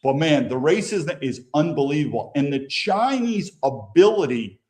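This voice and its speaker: An American man talks through news clips in an unscripted, rambling way. His voice sits fairly high for a man, and his opinions come out blunt, with frequent false starts and repeated words. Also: expressive, moderate pace, darkish tone. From United States. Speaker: political commentary show host. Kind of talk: casual commentary over news clips.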